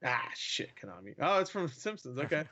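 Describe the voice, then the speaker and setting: A man's voice: fairly high pitch, big pitch swings, fairly quick, bright, forceful tone, lo-fi sound. A man co-hosting a casual gaming podcast, loose, joking and swearing as he plays a trivia quiz. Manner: loose, profane, jokey. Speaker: podcast co-host.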